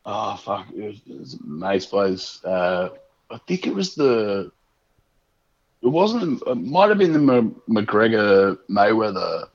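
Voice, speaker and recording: Male podcast co-host, low husky voice, rambling and laid-back, muffled lo-fi recording. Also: big pitch swings, slow. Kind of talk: casual chat. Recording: dull lo-fi sound.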